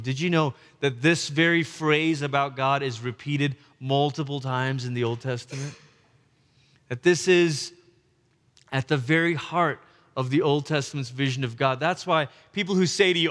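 A man in his thirties preaching a sermon, acting out voices and swinging between loud and hushed delivery. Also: mid-range voice, normal speed, in a large hall. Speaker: pastor.

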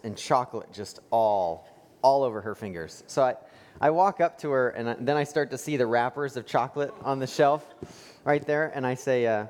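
A male pastor preaching a sermon in a conversational storytelling way, with fillers and rhetorical questions. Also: medium pitch. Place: church sanctuary. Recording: long church reverb.

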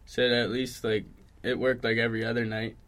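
A young man co-hosting a casual sports podcast, joking around and laughing easily. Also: mid-range voice. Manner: jokey, animated, quick to laugh. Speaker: podcast co-host. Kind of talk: casual chat.

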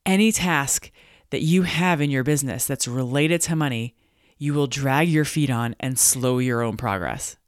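A woman from Montana hosting a solo podcast, telling stories in an animated way and acting out voices of the people in them. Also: very deep voice, normal speed, dry recording, clean studio sound. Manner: animated storytelling, acts out quoted voices. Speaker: podcast host and business coach.

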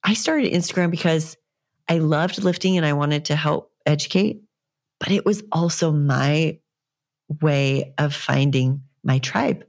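A young woman hosts her own fitness podcast, talking on her own in a rambling, earnest and encouraging way. Her voice sits low, with a gravelly fry running through it. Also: measured pace, darkish tone. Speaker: fitness coach and podcast host. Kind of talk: casual solo podcast monologue.

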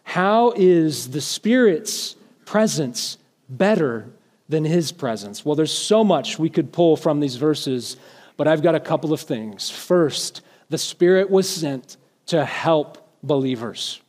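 A man's voice: fairly high pitch, expressive, slow pace, darkish tone. A male pastor preaching a sermon earnestly, now and then lifting his voice for emphasis. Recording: long hall reverb.

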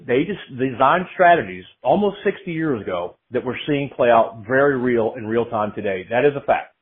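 A man's voice: medium pitch, slightly rough. A man from Atlanta in his forties, hosting a casual podcast, who rambles and often restarts his sentences. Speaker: podcast host. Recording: tinny phone-like line.

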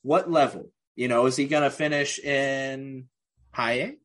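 A man's voice: mid-range voice, a little slow, fairly bright tone. A man co-hosting a casual podcast, joking, laughing often and drifting into tangents. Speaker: podcast co-host. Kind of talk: casual chat.

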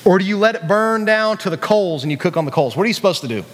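A man's voice: high-pitched, animated, quick pace, long reverb tail. A man with a West Virginian accent preaching a sermon in a chatty, conversational way, full of restarts and asides to the audience. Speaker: youth pastor.

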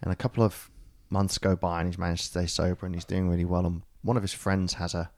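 A man's voice: sits low, flat delivery, fast talker, a little mellow. An Australian man co-hosting a casual podcast, rambling through a joke with lots of fillers. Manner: rambling, filler-heavy storytelling with hearty laughs. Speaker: podcast co-host. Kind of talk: casual pub-style banter, telling a joke.

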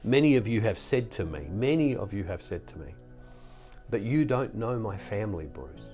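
A man's voice: on the low side, animated, moderate pace, dark tone, faint music behind. Earnest man giving a reflective sermon. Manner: earnest, reflective, with many restarts. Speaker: Catholic speaker and preacher. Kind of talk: sermon-style spiritual talk.

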